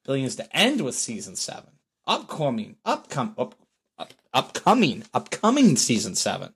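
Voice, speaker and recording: A man hosting a casual solo podcast, hoarse from screaming, telling stories with lots of laughter. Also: mid-range voice, moderate pace. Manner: animated storyteller, laughs often. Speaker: podcast host.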